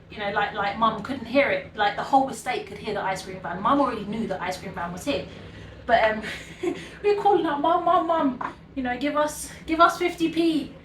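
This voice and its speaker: A British woman in her thirties hosting a home cooking show, reminiscing in a relaxed, rambling way and laughing often. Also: on the high side, distant mic, a little hiss or hum. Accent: British English. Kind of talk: chatty reminiscing while cooking. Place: home kitchen. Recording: echoey kitchen, mic set back.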